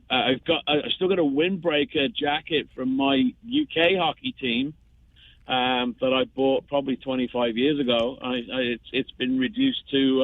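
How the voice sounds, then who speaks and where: A man in his fifties calling in to a radio show, rambling and chatty with lots of restarts and fillers. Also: mid-range voice. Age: 50s. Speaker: caller. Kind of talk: phone-in chat. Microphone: telephone. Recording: tinny phone line.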